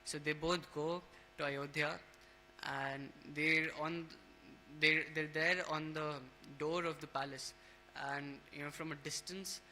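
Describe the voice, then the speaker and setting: Bright-voiced man telling a scripture story. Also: on the high side, level tone, unhurried, a little hiss or hum, poor audio. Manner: storytelling with many restarts and fillers. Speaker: speaker at a temple class.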